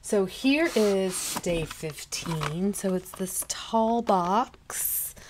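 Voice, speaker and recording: A woman's voice: mid-range voice, expressive, extremely slow, noisy background. A woman vlogging casually at home, chatting through a product unboxing and cooing at her cats in baby talk. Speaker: beauty vlogger.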